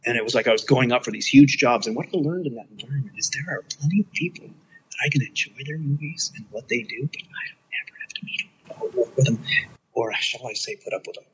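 A man's voice: mid-range voice, fast, breathy edge, rough recording. A middle-aged man telling a personal story in casual conversation, acting out quoted dialogue with big jumps in his voice.

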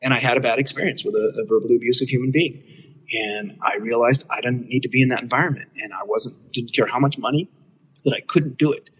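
A middle-aged man speaks in a slightly husky, breathy voice at an ordinary pitch. He tells a personal story in easy conversation and animates the quoted voices, leaping well up in pitch for other speakers' words. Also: fast, poor audio. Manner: animated, acts out quoted dialogue with big pitch jumps. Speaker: guest telling his story.

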